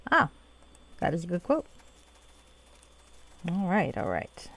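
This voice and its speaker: A woman's voice: on the low side, wildly swooping pitch, slow, fairly bright tone. A woman streamer casually talking through a game and reading its dialogue aloud. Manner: chatty, reads dialogue aloud, laughs easily.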